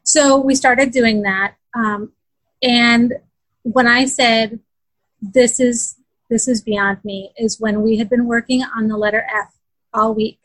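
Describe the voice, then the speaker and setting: A woman's voice: on the high side, fairly even intonation, takes it slowly, fairly bright tone, dry recording, rough recording. A woman in a casual interview, earnestly telling how her daughter struggled, with many fillers and restarts. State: close to tears. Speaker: parent describing her daughter's learning.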